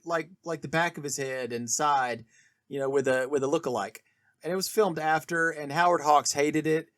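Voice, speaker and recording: A man with a slightly high voice co-hosts a podcast, casually discussing a film and eagerly sharing trivia in a chatty, animated retelling. The audio is studio quality with no echo.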